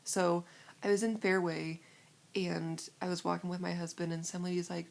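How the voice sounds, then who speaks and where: A young woman from Iowa rattles through stories in a casual, animated way, peppered with fillers. Her voice sits fairly low, with a gravelly fry running through it. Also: normal speed. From Iowa, USA. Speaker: vlogger. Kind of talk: casual storytelling.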